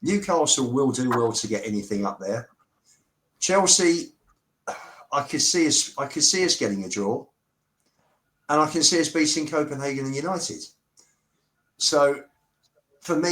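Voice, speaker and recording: Mid-range man, measured, steady panelist. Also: medium pitch, poor audio. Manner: measured, predicting results. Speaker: fan podcast panelist. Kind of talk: casual football debate.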